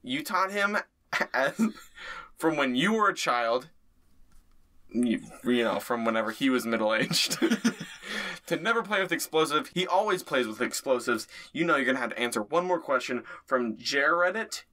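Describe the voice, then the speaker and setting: A man narrating a tabletop game as podcast host, in a playful, quick way with frequent laughs. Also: medium pitch, animated, bright, forceful tone.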